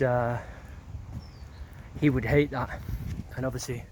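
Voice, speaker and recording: A man's voice: mid-range voice, fairly even intonation, slow pace, background noise. A middle-aged man walks around an outdoor neighbourhood. He reminisces in a loose, rambling way, full of filler words and casual swearing. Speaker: vlogger.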